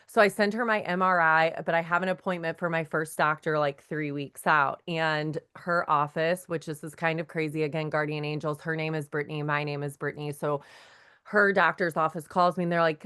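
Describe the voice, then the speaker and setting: A talkative woman tells her testimony to a faith group. Her voice sits low and sounds smooth and clear. She acts out the words of the people in her story as she goes. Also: steady tone, a little fast, a bit bright. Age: 30s. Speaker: guest sharing her testimony. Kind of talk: personal testimony in a faith meeting.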